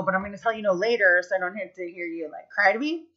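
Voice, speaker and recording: A bright, forceful-sounding woman in her thirties rambles through family stories to camera, swearing casually and leaning on "like" and "um." The recording is a bit dull and lo-fi. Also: mid-range voice, fast. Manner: chatty, profane, full of fillers. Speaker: vlogger. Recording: slightly muffled lo-fi recording.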